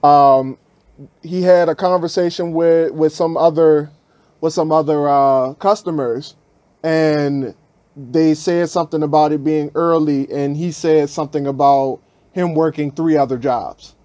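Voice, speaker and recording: A man's voice: fairly high pitch, measured pace, no echo. A man hosting a podcast, telling a story in a casual, slangy way and acting out what people said. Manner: animated, acts out quotes in raised voices, slangy. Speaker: podcast host.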